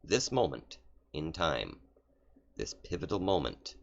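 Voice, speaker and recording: A man voicing a grave, measured woman who travels through time. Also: a bass voice, very animated, vocal fry, dull audio, heavily acted.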